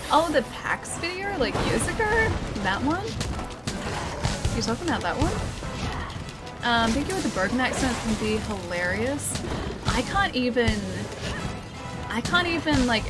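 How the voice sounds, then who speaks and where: Chatty woman streamer, slightly high. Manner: chatty, laughs often, reads viewer comments aloud. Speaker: game streamer. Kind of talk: casual live-stream chat. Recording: game music playing underneath. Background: game music.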